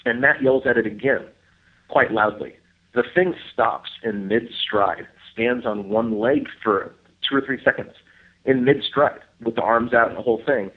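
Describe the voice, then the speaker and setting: A man, a guest researcher, telling a field story in a casual interview, full of fillers, acting out other people's lines in a high voice. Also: unhurried, husky. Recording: tinny phone line.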